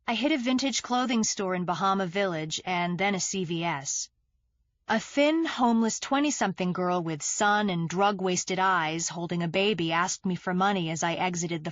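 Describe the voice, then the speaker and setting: A woman narrating a mystery thriller audiobook in the first person, with measured, steady storytelling on a close studio mic. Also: fairly low pitch, dry recording, dull audio.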